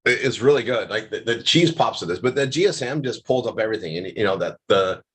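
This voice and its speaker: A man's voice: lowish voice, lively intonation, quick pace, a bit bright, slightly rough. A man hosting a casual live chat, tasting food and wine and rambling with many restarts. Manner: rambling, restarts often, savoring food aloud. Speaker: host.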